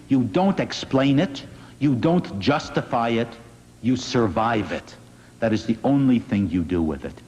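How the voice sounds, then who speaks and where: A man, a rabbi, giving an inspirational public talk in an earnest, gently wry storytelling manner. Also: mid-range voice, breathy edge. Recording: dull lo-fi recording in a reverberant hall.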